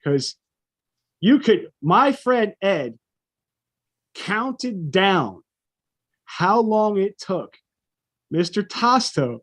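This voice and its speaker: A man's voice: high-pitched, big pitch swings, very slow, pauses often, fairly bright tone. A middle-aged man, a podcast co-host, telling a profane story in casual chat and acting out the people in it.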